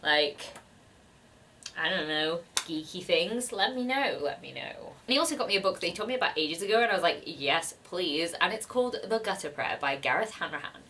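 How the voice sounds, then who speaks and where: Woman, young adult, book vlogger, casual chat, bright voice, giggly. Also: on the low side, animated, fairly quick. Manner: chatty, giggly, gushing.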